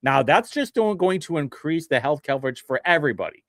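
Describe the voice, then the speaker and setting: A male livestream host who reads bill text aloud and mocks it in casual commentary, chuckling often, with big swings in pitch. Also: sing-song, a little fast, a bit bright, no room sound, studio quality. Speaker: livestream host reviewing state bills.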